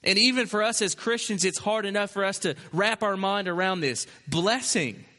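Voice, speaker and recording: A man's voice: sits high, normal speed, pushed and bright, long reverb tail. A male pastor preaching a sermon, emphatic, with repeated phrases and rhetorical questions.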